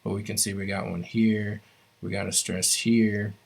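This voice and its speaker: Male language teacher, low-pitched and even-toned, halting delivery, walks students through grammar rules. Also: vocal fry, husky. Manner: halting, stops often to restart phrases; explains rules step by step to students. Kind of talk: classroom grammar lesson.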